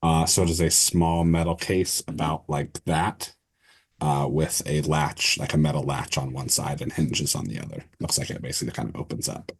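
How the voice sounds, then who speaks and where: A man's voice: very deep voice, normal speed, creaky, husky. A man running a tabletop role-play as game master, describing scenes loosely with many fillers.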